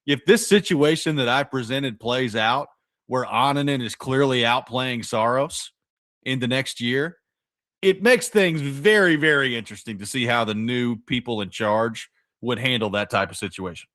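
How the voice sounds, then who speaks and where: A man's voice: medium pitch, normal speed, a bit bright, no echo, studio quality. A man co-hosting a sports talk radio show, arguing his points in casual chat with plenty of restarts and "you know"s. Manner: thinking aloud, stacked restarts, argumentative.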